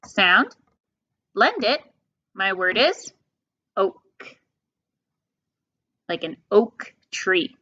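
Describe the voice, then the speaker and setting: A woman teacher leading a phonics lesson for young children, drawing each sound out slowly and patiently. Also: mid-range voice, sing-song, bright, forceful tone, dry recording. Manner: slow, patient, drawn-out sounds. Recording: dull lo-fi sound.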